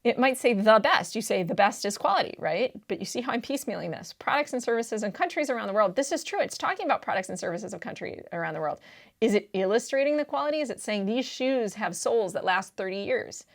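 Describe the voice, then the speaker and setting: This tutor's voice is a little high and creaky, animated and quick as she works through test-prep reading answers. She keeps it casual and slangy, stressing points and often asking "right?" to check on the listener.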